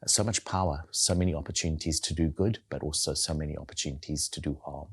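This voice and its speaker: Low, husky man with a softened South African accent; a reflective guest who circles back on his words. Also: fairly even intonation, fast. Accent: South African, softened by years in New Zealand. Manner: thoughtful, repeats words while searching for phrasing. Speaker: guest, leadership coach and theologian. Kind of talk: conversational interview.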